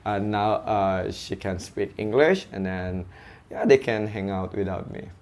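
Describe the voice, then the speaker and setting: A man's voice: lowish voice, unhurried, a little mellow. A young man with an Indonesian accent, chatting as a guest and telling stories with lots of fillers and restarts. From Sulawesi, Indonesia. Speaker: guest, English teacher. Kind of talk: casual chat.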